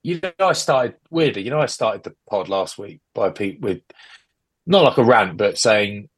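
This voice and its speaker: A British man in his forties launches into a breathless, exasperated rant on a chatty podcast. His voice is low and a little husky, and it comes through earbuds rather than a proper mic. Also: animated. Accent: British English. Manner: rapid rambling rant, exasperated. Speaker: podcast co-host. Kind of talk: casual chat. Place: relative's house indoors. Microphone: AirPods earbuds.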